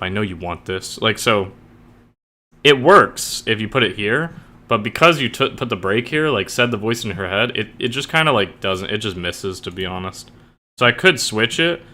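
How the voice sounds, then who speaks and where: A man's voice: lowish voice, sharp tone. A man casually thinking aloud as he edits his own story, rambling and hesitant, with many restarts. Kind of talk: casual thinking aloud while editing and reading drafts.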